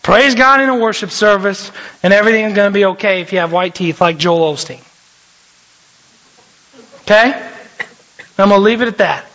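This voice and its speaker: A young man, a youth pastor, preaching a lively, jokey sermon and often shifting his voice. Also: high-pitched, moderate pace, pauses often. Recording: dull lo-fi recording.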